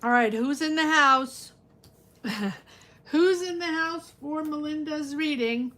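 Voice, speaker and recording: Female live-stream tarot reader, slightly higher pitch, casual and reassuring, rambles through fillers. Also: slow, bright, forceful tone. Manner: chatty, reassuring, thinks aloud with many fillers.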